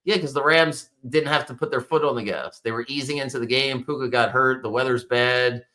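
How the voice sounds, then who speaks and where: A man's voice: mid-range voice, fairly even intonation, brisk, bright, forceful tone. A man hosting a sports talk show, venting exasperated, swearing commentary about his home team's loss. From Baltimore area. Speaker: sports podcast host.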